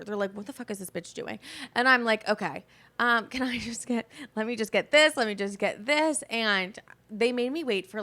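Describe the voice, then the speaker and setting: A woman's voice: fairly high pitch, bright, forceful tone. A young woman in her twenties hosting a podcast, telling a story as a dramatic, profane rant full of "like" and acted-out quotes of herself. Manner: dramatic, profane, quoting herself constantly with many "like"s. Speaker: podcast host.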